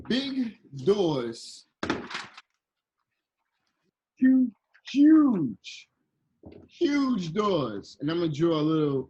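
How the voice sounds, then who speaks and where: A man telling a playful, animated story to children, slipping into voices as he goes, on a video call. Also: medium pitch, lo-fi sound, slight background noise. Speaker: guest illustrator and storyteller.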